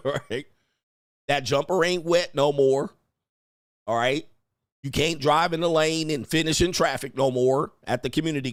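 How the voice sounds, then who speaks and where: A man's voice: medium pitch, no echo, clean studio sound. A man hosting a casual commentary stream, brash and profane, chuckling often and tagging lines with "all right?". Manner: repeats "all right?" as a verbal tic. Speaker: podcast host.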